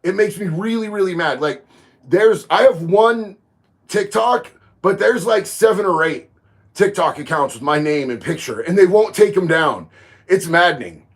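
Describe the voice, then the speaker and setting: A man, chatting casually on a livestream, reading viewer comments and getting loud and emphatic on his opinions. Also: high-pitched, lively intonation, moderate pace. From Florida. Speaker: livestream host.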